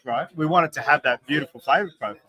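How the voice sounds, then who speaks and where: A man's voice: on the high side, rapid-fire, sharp tone, low-quality recording. An Australian man, a craft distiller, explaining in an emphatic, chatty way with the odd swear word, recorded at a distillery bar. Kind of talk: casual podcast chat.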